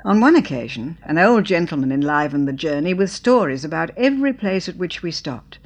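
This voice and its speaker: A woman reading a memoir aloud in a measured, expressive storytelling manner. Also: fairly low pitch, muffled recording. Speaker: narrator.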